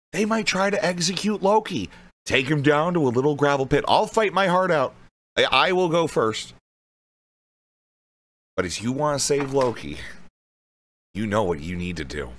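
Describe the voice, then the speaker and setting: Male streamer, casual profane chatter to chat, bright sharp tone. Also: a little high. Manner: loose, profane, addresses chat directly. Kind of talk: casual live-stream commentary.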